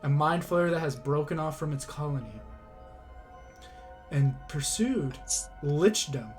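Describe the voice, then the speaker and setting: Slow-narrating male game master. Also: on the high side, faint music behind. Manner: slow, descriptive narration with restarts.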